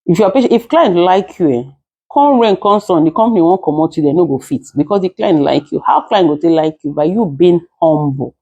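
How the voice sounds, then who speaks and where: A woman with a Nigerian accent, who is both a caregiver and content creator, offers casual but emphatic, lecturing advice to camera and drifts into Nigerian Pidgin. Her voice sits on the low side, mellow and husky, expressive and fairly quick. The audio has no echo but sounds dull.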